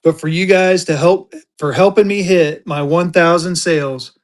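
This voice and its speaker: A man's voice: a little high, fairly even intonation, moderate pace. Chatty man running a live auction. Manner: chatty, thankful, thinks aloud with fillers. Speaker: livestream seller. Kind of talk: casual live auction chat.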